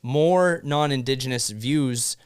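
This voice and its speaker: A man's voice: mid-range voice, clean tone, no echo, studio quality. A young man co-hosting a podcast, talking casually with lots of restarts and fillers. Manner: halting, many restarts and fillers. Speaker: podcast co-host. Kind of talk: casual conversation.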